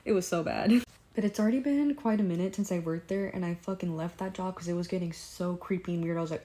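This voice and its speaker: A woman's voice: lowish voice, fast. A young woman telling a story in a casual vlog, blunt and profane, acting out quotes as she goes. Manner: blunt, profane, animated retelling with quoted asides. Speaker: vlogger.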